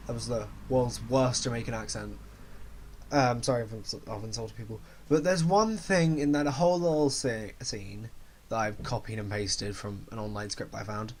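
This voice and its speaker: A man's voice: mid-range voice, normal speed. A man giving a casual, rambling movie review, often correcting himself mid-sentence. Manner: rambling, self-correcting, chatty.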